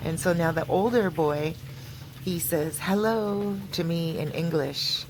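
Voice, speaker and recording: A woman from Canada talks casually as she vlogs outdoors, her low voice wandering through fillers and restarts. Faint street noise hums behind her phone recording. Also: unhurried. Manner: chatty, rambling with many fillers and restarts. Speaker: vlogger. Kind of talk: casual walking vlog chat.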